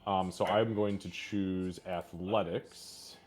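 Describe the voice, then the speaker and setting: A man with a fairly low voice talks through his turn in a tabletop game. He swears freely and gets animated as he describes his character's moves. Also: slow pace, background noise. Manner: crude, swears often, animated. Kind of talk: casual tabletop game play.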